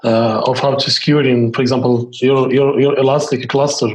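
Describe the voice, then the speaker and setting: A man, an interview guest, speaking haltingly with many pauses and fillers. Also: medium pitch, flat delivery, echoey room, poor audio. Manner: halting, hesitant. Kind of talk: casual video call interview.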